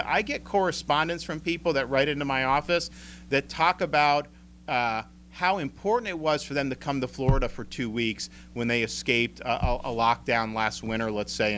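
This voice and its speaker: A man's voice: medium pitch, slight background noise. A man in his forties with an American accent, telling a story at a press event in a rambling, repeating way and acting out the others he quotes. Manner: rambling, repeats words, animated quoting of others. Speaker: state governor. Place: emergency operations center.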